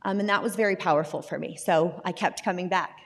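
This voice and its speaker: A woman's voice: on the low side, fairly quick. A woman guest candidly sharing her personal recovery story, often laughing at herself and restarting her words. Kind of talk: personal testimony in a recovery talk. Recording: long reverb in a hall.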